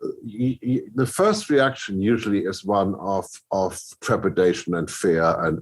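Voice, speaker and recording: A man's voice: low-pitched, unhurried, few pauses, breathy edge. A middle-aged man, a composer, telling stories in a podcast interview, restarting his sentences and acting out other people's reactions. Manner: animated storyteller, many restarts, acts out others' reactions. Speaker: film composer, guest.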